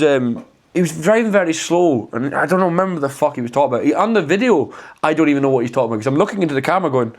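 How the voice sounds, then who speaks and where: A man in his thirties co-hosting a comedy podcast, telling a story with frequent swearing and laughs. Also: medium pitch. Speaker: podcast co-host.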